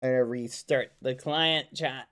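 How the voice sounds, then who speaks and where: Slow-talking male streamer. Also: mid-range voice. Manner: relaxed, unhurried, joking. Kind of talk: casual chat with viewers.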